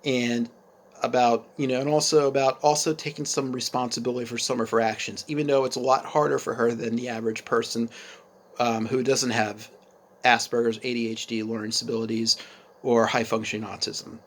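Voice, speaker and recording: A man's voice: mid-range voice, flat delivery, brisk, a little hiss or hum. Hesitant male storyteller. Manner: hesitant, many fillers and restarts. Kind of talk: casual storytelling.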